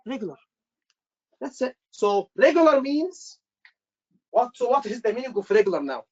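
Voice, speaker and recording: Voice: mid-range voice, very animated, moderate pace, a little mellow, lo-fi sound. An instructor teaching a live class, repeating key points and quizzing the students with short questions. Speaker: medical exam instructor.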